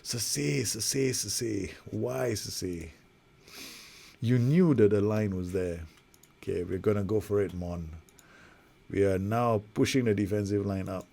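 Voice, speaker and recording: Brief: male gaming host, lowish voice, chatty and self-deprecating, calls every pass in a sim match. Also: moderate pace, mellow. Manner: rambling, self-mocking, narrates passes play by play. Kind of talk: casual live commentary over a football management game.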